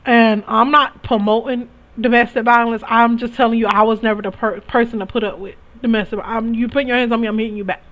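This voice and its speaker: Speaking fast with hardly any pauses, a young woman who reads spiritually recounts her experiences casually, candid and emphatic with frequent restarts. Her voice is fairly high, steady and a touch bright, and the recording sounds dull and lo-fi.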